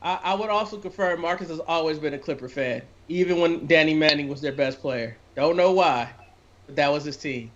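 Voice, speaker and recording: A man's voice: fairly high pitch, brisk, a bit bright, lo-fi sound, a little hiss or hum. A man co-hosting a casual watch-along chat, teasing and quizzing the others. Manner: teasing, asks the others questions. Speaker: co-host.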